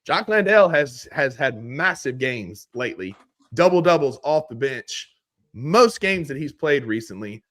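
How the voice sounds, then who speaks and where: A man with a Mississippi drawl hosts a casual sports podcast at an ordinary mid pitch. He talks in a laid-back, folksy way as he walks through his betting picks. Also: sing-song, unhurried, fairly bright tone. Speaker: podcast host.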